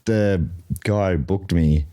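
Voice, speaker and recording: A man's voice: sits low, takes it slowly, dark tone. A man, a guest comedian in casual chat, telling wry, self-mocking stories. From Melbourne, Australia.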